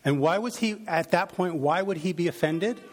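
A man's voice: high voice, moderate pace. A man preaching, reading a Bible passage aloud and reflecting on it, with frequent fillers and restarts. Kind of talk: sermon reading and teaching from scripture.

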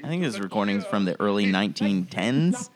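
A man's voice: fairly low pitch, sing-song, brisk, crowd noise. A man co-hosting a podcast in casual chat, jokey and offhand with casual swearing. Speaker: podcast co-host.

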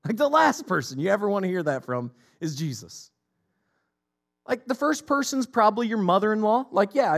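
A man's voice: high-pitched, very animated, normal speed, vocal fry. A middle-aged man preaching a sermon as a pastor, emphatic and repetitive in his delivery.

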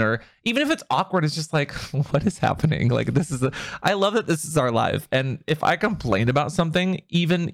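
A man co-hosting a podcast in casual chat, excitable and animated, laughing often. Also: medium pitch, dry recording, studio quality. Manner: bangs on the table while talking. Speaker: podcast co-host.

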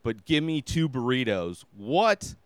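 A man's voice: mid-range voice, sing-song, unhurried, no echo. A man hosting his own podcast, giving a casual movie review in a rambling, exasperated way with lots of filler words. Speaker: podcast host.

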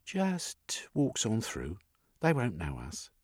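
A man's voice: fairly low pitch, wildly swooping pitch, slow, a little mellow, husky, no echo, clean studio sound, pitched above the performer's own voice, heavily acted. A man voicing a timid young working-class woman who speaks in broken grammar. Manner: broken grammar, plain-spoken.

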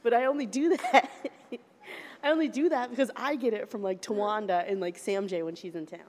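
A woman's voice: medium pitch, fairly quick, a little mellow, long reverb tail. A woman hosting a podcast and comedy chat, telling stories with dry, sarcastic humor. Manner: wry, sarcastic storytelling. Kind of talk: casual chat.

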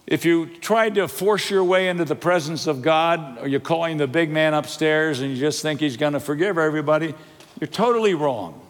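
An older man preaching a sermon as pastor, lively and humorous, asking the congregation questions and telling stories. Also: fairly high pitch, normal speed. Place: church sanctuary. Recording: long reverb of a large hall.

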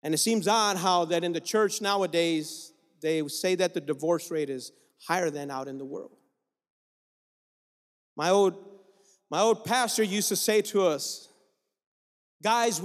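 A man's voice: high voice, a little slow. A male guest preacher delivering an exhorting sermon, calling out to the congregation in a church sanctuary. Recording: long reverb of a large room.

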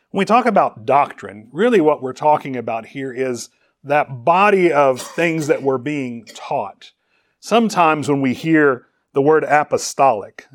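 A man with a medium-pitched voice preaches a sermon, reading scripture aloud and explaining Greek words from it. He rises in emphasis on questions, and the clean studio recording has no room sound.

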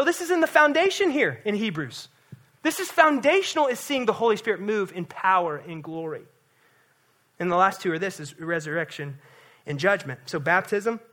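A man's voice: a little high, pushed and bright. A middle-aged man, a pastor, giving an earnest, conversational sermon with frequent restarts.

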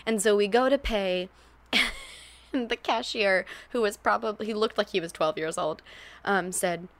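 A woman telling shared memories in a casual, animated way, laughing often and swearing now and then, close to a podcast microphone. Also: medium pitch, measured pace. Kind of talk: casual chat.

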